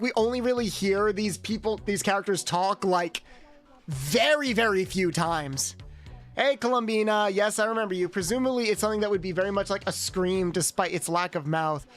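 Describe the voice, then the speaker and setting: A young adult woman streaming a video game as a VTuber, chatting casually and rambling with her viewers, swearing freely. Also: mid-range voice. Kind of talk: casual gaming stream chat.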